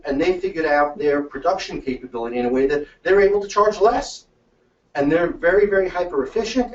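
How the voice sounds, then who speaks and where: A man presents a webinar in an animated storytelling manner, slipping into the voices of the people in his stories. His voice sits fairly high. The recording is distant and echoey, as if made across a room, with a dull, muffled tone. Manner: lively storytelling, acts out dialogue. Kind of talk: webinar talk.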